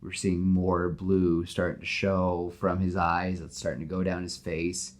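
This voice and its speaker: A man with a somewhat low voice tells a movie pitch in a casual, animated way. He leans on "like" as a filler and slips into acting out the characters' lines as he goes. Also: unhurried. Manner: animated storyteller, full of "like" fillers, acts out dialogue. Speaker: podcast host pitching a movie. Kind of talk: casual retelling of a film pitch.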